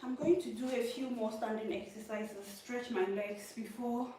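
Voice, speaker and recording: A woman's voice: a little high, fairly even intonation, moderate pace, dark tone. A woman vlogging her workout, counting reps aloud and cheering herself on. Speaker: vlogger working out on a live stream. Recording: echoey room, mic far off, faint noise.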